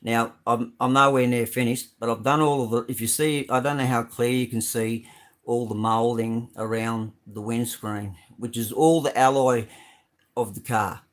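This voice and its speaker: A man's voice: medium pitch, steady tone, normal speed. Chatty Australian man with many ums. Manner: chatty, rambling, many ums, greets viewers by name. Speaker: live stream host showing model cars. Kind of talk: casual live stream chat.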